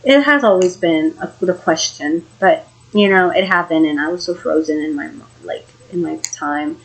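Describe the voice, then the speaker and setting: A young woman vlogger, shaken and emotional, rambles casually through a frightening true story, full of fillers and the occasional swear word. Her voice sits fairly low, slightly rough, at a normal speed, and the recording quality is low.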